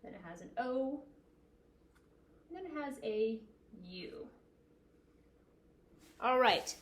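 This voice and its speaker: A woman's voice: high-pitched, animated. A woman teacher recording a spelling lesson for young children, spelling words letter by letter and asking them to repeat after her. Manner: slow, clear spelling-out with call-and-repeat prompts.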